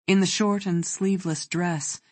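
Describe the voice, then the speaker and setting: An audiobook narrator reading a thriller in a measured, even way. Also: medium pitch, no echo.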